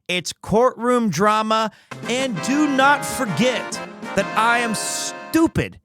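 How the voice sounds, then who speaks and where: A young man streaming live, chatting casually with his viewers in an animated, joking, self-deprecating way. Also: very high-pitched, slow pace, music in the background.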